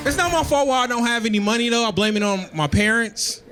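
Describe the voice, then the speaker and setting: A man's voice: very high voice, fast talker, music in the background. A man doing stand-up comedy on a club stage, telling stories in a loose, self-mocking way.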